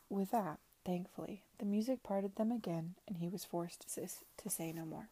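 A woman reading a novel aloud softly in a whispered reading. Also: medium pitch, moderate pace, few pauses. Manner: soft, hushed narration. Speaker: reader.

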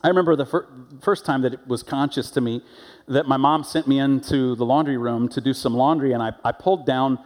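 A man's voice: medium pitch, brisk, in a large hall. A man preaching a sermon as a pastor, telling stories in a conversational way and acting out the voices of the people in them. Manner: conversational storytelling with animated quoted voices. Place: church sanctuary.

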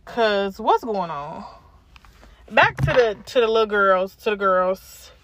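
A woman's voice: a little high, lively intonation, normal speed, slight background noise. A woman of about twenty hosting a podcast alone, ranting angrily and bluntly with heavy swearing. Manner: angry, profane, blunt. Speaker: podcast host. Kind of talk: casual solo rant.

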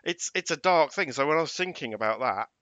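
A middle-aged man from England co-hosts a podcast in casual, chatty talk, frequently ending remarks with tag questions. His slightly high voice is bright with lively intonation and a fairly quick pace, recorded dry with the highs cut off.

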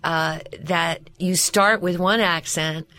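A woman's voice: lowish voice, steady tone, takes it slowly, pushed and bright. A middle-aged woman, a voice coach and voice actress, explaining her craft with enthusiasm in a casual podcast interview.

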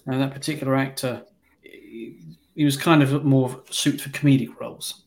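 A man's voice: medium pitch, fairly even intonation, normal speed. Blunt, swearing man. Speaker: podcast host. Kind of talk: casual film review chat.

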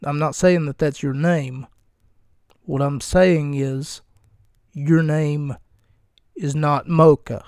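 Podcast host guy, slow drawl, kinda high voice, wry rambling jokes and swearing. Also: fairly even intonation, a little mellow, clean tone, dry recording, clean studio sound. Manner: wry, rambling, self-mocking and profane. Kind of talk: casual solo podcast recap and banter.

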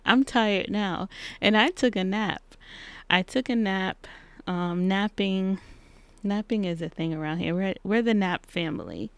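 A woman in her thirties hosting a casual solo podcast from her home basement, chatting and acting out little exchanges in lively voices. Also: mid-range voice, creaky, smooth, no echo. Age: 30s. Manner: chatty, acts out quoted exchanges in animated voices. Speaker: podcast host. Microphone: podcast microphone.

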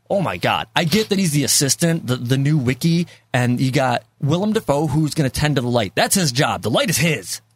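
A man hosting a casual movie podcast talks in a lively, swinging voice that sits a little high. He rambles, repeats himself, uses plenty of fillers and laughs easily. The sound is dry and close. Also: breathy edge, no echo. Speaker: podcast host.

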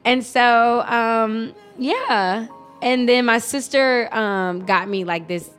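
A woman's voice: on the high side, slow, soft background music. Chatty young woman telling a story. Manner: chatty, heavy use of "like" fillers; animated, emotional retelling. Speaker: podcast co-host. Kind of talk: casual chat, storytelling.

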